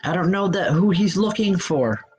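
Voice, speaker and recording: A woman medium giving a live spirit reading online. Her speech is halting and stop-start, full of restarts, as she hands on messages gently. She keeps reassuring the people she is reading for. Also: on the low side, animated, husky, highs cut off.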